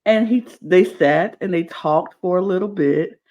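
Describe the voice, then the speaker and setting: A woman co-hosting a podcast, telling a story in a lively, chatty way and acting out the quotes. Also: fairly low pitch, unhurried, highs cut off. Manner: animated storyteller, acts out quotes. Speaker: podcast co-host. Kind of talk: casual chat.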